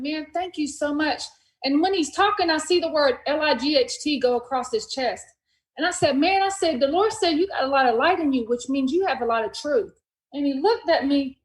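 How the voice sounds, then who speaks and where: A woman with a high voice hosts a casual podcast conversation. She retells a story with animation, slipping into the lines of the people in it. The room around her is echoey. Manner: animated retelling, acts out dialogue in quotes. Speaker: podcast host.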